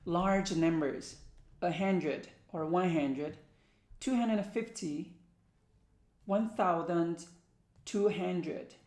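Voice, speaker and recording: A woman teaching English vocabulary, reading country names and numbers aloud one by one and slowly. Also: on the low side, a little mellow, echoey room. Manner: slow, careful word-by-word reading. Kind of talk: vocabulary lesson, reading word lists aloud.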